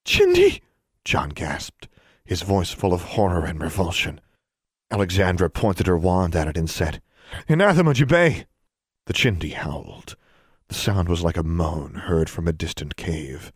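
A man reading a novel aloud as narrator, in a steady, measured storytelling manner. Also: a bass voice, slightly rough, dry recording, studio quality. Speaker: audiobook narrator. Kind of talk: scripted narration.

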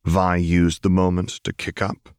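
A man reading a piece of fan fiction aloud as its narrator, in a measured storytelling delivery. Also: low-pitched, monotone, a little mellow, clean tone, no echo, clean studio sound. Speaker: audiobook narrator.

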